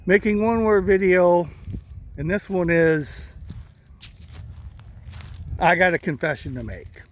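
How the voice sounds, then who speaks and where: A man vlogging casually, talking slowly and rambling with a slight lisp, from inside a vehicle. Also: high-pitched. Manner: slow, rambling, many uh fillers. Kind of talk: casual vlog talk.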